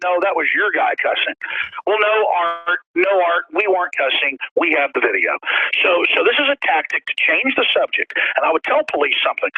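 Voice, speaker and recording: A man's voice: high voice, breathy edge, dry recording. A man hosting a talk radio show, ranting in an emphatic, repetitive way with stammered restarts. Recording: dry, tinny phone-like sound.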